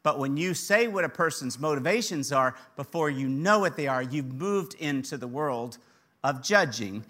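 Animated male preacher, bright voice. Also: mid-range voice, normal speed. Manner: animated, acts out the characters' voices. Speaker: pastor. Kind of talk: sermon.

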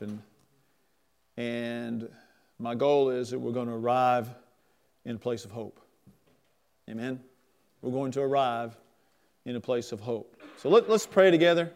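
A man's voice: mid-range voice, darkish tone, smooth. A man preaching a sermon as pastor, earnest and emphatic, his volume swelling and dropping.

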